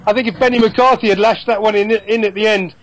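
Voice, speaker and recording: A man in his fifties from England, chatting about football over a video call, opinionated and quick with asides. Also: sits high, steady tone, no echo, poor audio. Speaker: football commentator guest.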